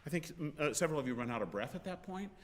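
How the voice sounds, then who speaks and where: A man's voice: a little high, expressive, rapid-fire. A man coaching a choir in rehearsal, giving precise, encouraging diction corrections. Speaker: choir conductor. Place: large rehearsal hall with choir. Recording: reverberant rehearsal hall with faint noise.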